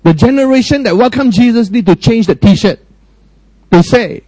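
A man preaching a sermon with a warm, mellow voice, recorded close and dry. He preaches emphatically, climbing high and loud, then dropping low and quiet, and often puts questions to his listeners. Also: expressive, moderate pace, dry recording, rough recording. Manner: emphatic, swinging between high raised lines and low quiet ones; frequent direct questions to the congregation.

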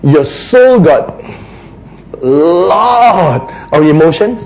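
A man preaching a sermon, acting out quotes, sometimes shouting and then dropping to a hush. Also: fairly high pitch, slow pace, dull audio, a little hiss or hum. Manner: animated, acts out quotes, shouts and drops to a hush.

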